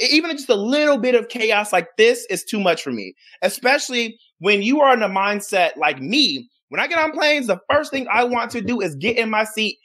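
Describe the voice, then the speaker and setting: A young man with a high, light voice hosts his own show and chats through a news story. His talk is loose and rambling, and he often stops to restart a sentence. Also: pushed and bright. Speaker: show host. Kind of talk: casual news commentary.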